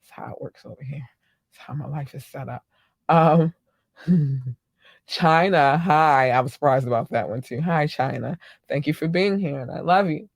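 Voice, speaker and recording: An unhurried, low-voiced woman hosts a solo podcast, recorded at studio quality without echo. Chatty and casual, she showers her listeners with gushing thanks and love, leaning heavily on ums and slang.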